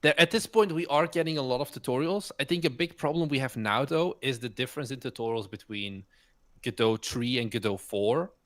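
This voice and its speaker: A man co-hosting a casual game development podcast chat, filling his talk with "like" and "basically". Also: medium pitch. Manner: quick, with lots of "like" and "basically". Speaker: co-host.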